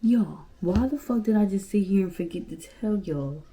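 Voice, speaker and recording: Mellow-voiced young woman telling a story. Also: mid-range voice, normal speed, few pauses. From Baltimore, Maryland, USA. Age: 20s. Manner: blunt, profane, animated storytelling. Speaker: YouTuber. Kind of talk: casual storytime vlog.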